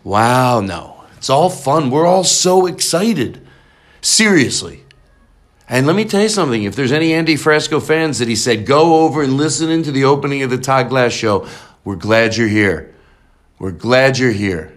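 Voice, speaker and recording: A man hosting a podcast in excited casual chat, rambling and jumping up in pitch. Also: normal speed. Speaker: podcast host.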